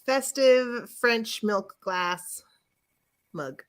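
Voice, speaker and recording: A woman's voice: on the high side, expressive, very slow. A woman co-hosting a casual livestream chat who laughs often and sounds a little tired. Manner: laughs often, warm responder. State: tired from covid fatigue. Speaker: co-host.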